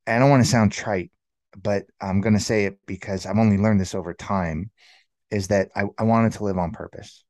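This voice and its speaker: A man's voice: lowish voice, steady tone, moderate pace, darkish tone, dry recording. A man in his thirties telling his personal story as an interview guest, rambling and filling his talk with "like" and "you know". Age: 30s.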